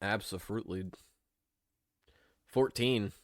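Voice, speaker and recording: A man's voice: on the low side, takes it slowly, no room sound, clean studio sound. A man playing a tabletop game, wry and suspicious while speaking for his character. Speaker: player.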